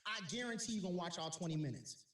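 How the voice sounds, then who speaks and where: A man's voice: high voice, lively intonation, fast, a bit bright, far from the mic. A man, a comedian guest, talking animatedly in casual podcast chat, swearing and laughing often. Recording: echoey room, voice off mic.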